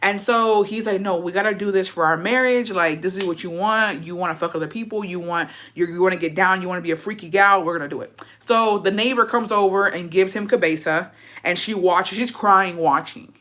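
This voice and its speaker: A young woman sits down for a casual gossip recap, her voice a touch on the low side. She swears freely and slips into the characters' lines as she tells the story. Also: fairly quick. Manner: profane, animated storytelling with put-on quotes. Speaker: vlogger.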